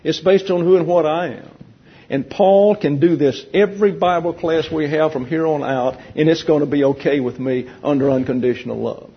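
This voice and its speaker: Husky guy teaching bible class, kinda high voice, jokes around, dull lo-fi sound. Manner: teasing, conversational, explains slowly. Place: church classroom with an audience. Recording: dull lo-fi recording.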